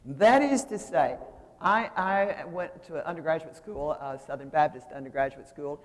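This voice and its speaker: Older woman, seminary lecturer, lively and discursive, long hall reverb. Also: deep voice, normal speed. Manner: lively, discursive, explaining at a drawing board.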